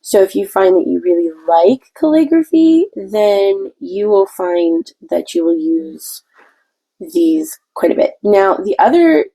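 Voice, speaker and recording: A woman with a low, gravelly voice walks through a craft tutorial while she paints. Her tone is dark and mellow with a husky edge. She talks in a chatty, meandering way and restarts her sentences often. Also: big pitch swings, slow pace, rough recording.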